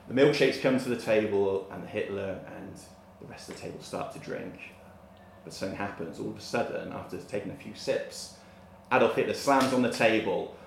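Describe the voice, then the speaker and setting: A man's voice: lowish voice, vocal fry, reverberant, slight background noise. A man telling a comic story on stage in a live venue, laughing at his own jokes. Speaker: comedian. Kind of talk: stand-up storytelling.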